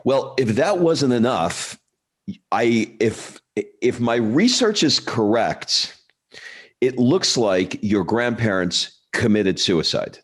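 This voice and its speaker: A man's voice: medium pitch, lively intonation, slow pace. A middle-aged man hosting a podcast, asking questions in a chatty way with loose asides. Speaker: podcast host. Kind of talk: casual interview.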